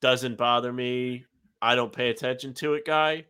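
A man's voice: mid-range voice, fairly even intonation, moderate pace, bright, forceful tone, clear, resonant tone. Laid-back male podcast co-host. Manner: laid-back, dry joking, reads outro plugs. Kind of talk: casual chat.

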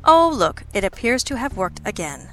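A wry, cynical male detective partner, as a woman reader puts him on, speaking in a dry, sardonic way. He needles his partner with deadpan remarks. Soft music plays faintly behind the storybook reading. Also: a little high, moderate pace, voice pushed up.

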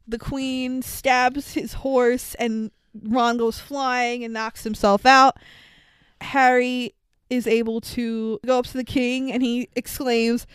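A woman's voice: on the high side, takes it slowly, clean tone, no echo. Woman animatedly recapping a movie. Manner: animated, swears freely, laughs often.

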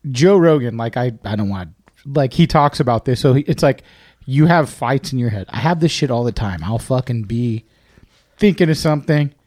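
A male podcast host who talks in a relaxed, chatty way and swears freely. He has a mid-range voice and swaps stories casually with his guest. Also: medium pitch, normal speed.

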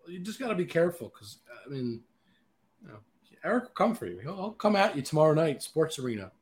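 A man's voice: fairly high pitch, fast. A man hosting a sports talk show, teasing his co-hosts in casual chat. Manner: teasing, animated.

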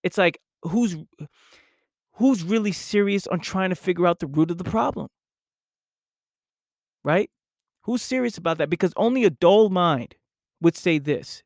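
A man hosting his own podcast, talking slowly and deliberately in a reflective monologue, often repeating phrases for emphasis. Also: on the high side, a little mellow, no room sound, studio quality. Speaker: podcast host, personal coach.

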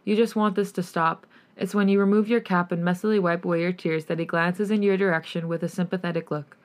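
Woman podcast host, fanfic narration, slightly low voice, expressive, emotional. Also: a little fast. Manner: expressive reading, emotional reactions. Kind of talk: reading fanfiction aloud with chat.

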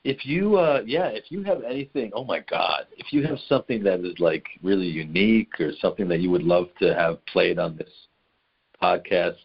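A man hosting a podcast, telling a story in a loose, animated way, swearing often and laughing mid-sentence, on a dull lo-fi recording. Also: deep voice, moderate pace, creaky, breathy edge. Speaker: podcast host. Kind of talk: casual storytelling chat.

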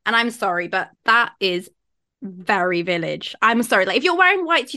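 A woman's voice: mid-range voice, animated, moderate pace, sharp tone. A woman from India co-hosting a casual podcast, enthusiastic and opinionated. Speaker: podcast co-host.

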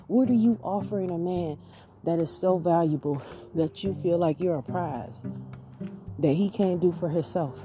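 A woman's voice: lowish voice, moderate pace, over music. A woman with a Southern US accent, hosting a podcast and talking straight to her listeners in a folksy, repetitive way. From southern United States. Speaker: podcast host. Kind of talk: casual monologue.

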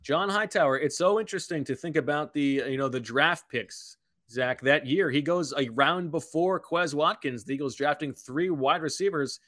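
A man's voice: fairly high pitch, moderate pace, a bit bright, no echo. Emphatic man doing dry-sounding color commentary. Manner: opinionated and emphatic, getting fired up about calls.

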